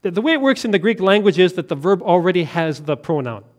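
Male pastor, sermon; high-pitched, very expressive delivery that jumps between loud and hushed. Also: fast talker. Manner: animated, swings from loud emphatic lines to quiet hushed ones; laughs and asks listeners questions.

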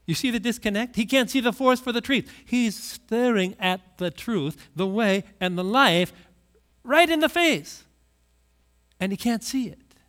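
A man's voice: extremely high pitch, lively intonation, measured pace, a bit bright. A man preaching a sermon, retelling stories and acting out the voices of the people in them. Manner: storytelling, acts out quoted voices.

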